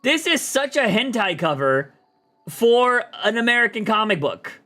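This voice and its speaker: A young man rambling in loose, slangy, animated talk as he chats on his livestream about comics. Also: high voice, unhurried, soft background music. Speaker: streamer and comic podcast host. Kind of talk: casual livestream chat.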